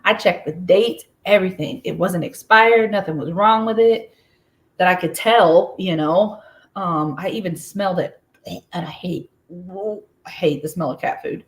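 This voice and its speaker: A woman's voice: fairly low pitch, measured pace. An American woman chatting casually on her own livestream. She rambles through a story with many fillers and breaks off to welcome viewers by name. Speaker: crochet livestream host.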